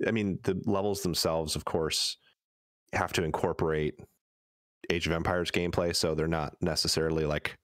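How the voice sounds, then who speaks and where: Deep-voiced man in rambling podcast chat. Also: steady tone, normal speed, a bit bright, no echo, clean studio sound. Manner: rambling, many restarts. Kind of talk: casual chat.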